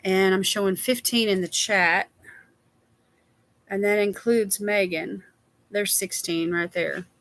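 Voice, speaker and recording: A woman's voice: mid-range voice, steady tone, takes it slowly, long pauses, a bit bright. A woman, chatting casually with viewers as a livestream host and reading their names aloud. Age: 60s.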